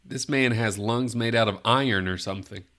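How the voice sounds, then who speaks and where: A man's voice: mid-range voice, moderate pace, sharp tone. A man hosting a casual movie podcast, running a guessing game and giving playful hints with frequent laughter. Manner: jokey, gives playful hints, laughs often. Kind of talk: casual chat.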